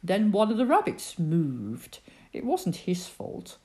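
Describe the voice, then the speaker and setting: A woman reading a children's story aloud, narrating in an expressive, dramatic way. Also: lowish voice, slow pace.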